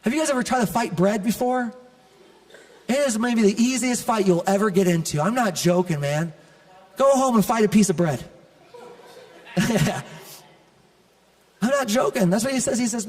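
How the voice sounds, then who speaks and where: Guy pastor preaching, high voice, jokey and animated, big echoey church hall. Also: moderate pace, pauses often. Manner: animated, conversational preaching with humor. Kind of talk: sermon. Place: large church auditorium.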